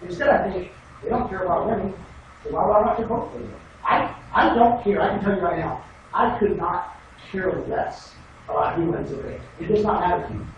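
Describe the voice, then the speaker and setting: A man's voice: high voice, brisk, lo-fi sound. A man giving a casual classroom lecture on debate, wry and sarcastic, sometimes mocking students in put-on voices. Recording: echoey room from far off, noisy.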